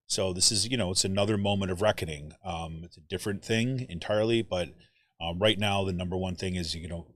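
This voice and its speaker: A man hosting a political podcast, talking in an animated, rambling way with lots of fillers and tag questions like "right?". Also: deep voice. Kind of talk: casual political commentary.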